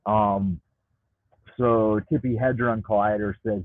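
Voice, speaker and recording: A man's voice: lowish voice, steady tone, unhurried, no echo. A man hosting a livestream, ranting profanely and rambling, repeating words when worked up, talking into a Bluetooth headset. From United States. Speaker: livestream host reading chat. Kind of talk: ranting live chat. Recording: tinny dry Bluetooth audio.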